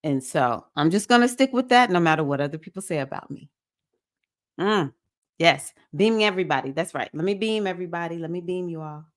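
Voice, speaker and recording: A woman, hosting a spiritual livestream circle, chatting with viewers and breaking into sudden high whoops. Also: lively intonation, a little fast. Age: 50s.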